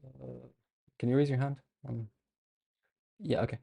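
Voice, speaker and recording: Gravelly-voiced man teaching a patient online class. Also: mid-range voice, flat delivery, dark tone, no echo. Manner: patient, explains step by step with many pauses. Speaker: Arabic teacher.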